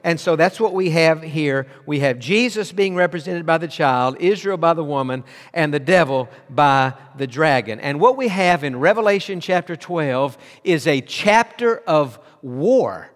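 A pastor delivers an emphatic sermon to his congregation in a voice pitched a little high. His words ring out with a long reverb, as in a big hall. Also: animated, measured pace. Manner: emphatic preaching, tells listeners to underline words.

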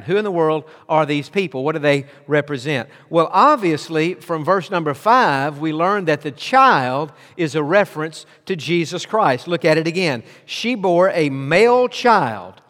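A man preaching a sermon as pastor, emphatic and steady, telling his listeners to underline words as he reads aloud. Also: a little high, moderate pace, few pauses, in a large hall.

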